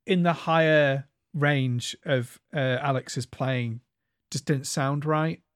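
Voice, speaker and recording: A man's voice: mid-range voice, fairly even intonation, slow pace, clean tone, no echo. Dry-sounding young man. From England. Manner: hesitant, repeats words. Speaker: podcast co-host. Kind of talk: casual review chat.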